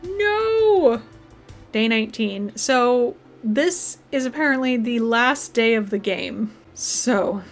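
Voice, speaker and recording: A woman's voice: a little high, takes it slowly, few pauses, soft background music. A woman playing a game and reading it aloud, with wry asides between the dialogue. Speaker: let's play narrator. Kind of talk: casual game commentary.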